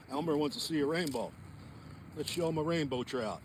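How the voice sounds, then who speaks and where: Out on a frozen lake, a chatty, folksy fishing vlogger talks straight to his viewers in casual outdoor vlog style. His voice is a little high and brisk, with slight background noise.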